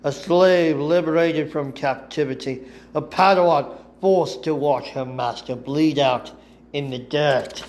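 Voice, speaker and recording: A man voicing a defiant young female warrior held captive, who answers in a strained, guarded, halting way in a fan audiobook reading. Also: mid-range voice, steady tone, creaky, darkish tone, slight background noise. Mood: pained.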